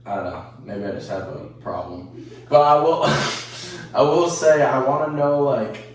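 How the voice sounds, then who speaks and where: A man's voice: medium pitch, a little slow, slight background noise. A man hosting a casual podcast, rambling, provocative and laughing at himself. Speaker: podcast host. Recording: echoey room, mic at a distance.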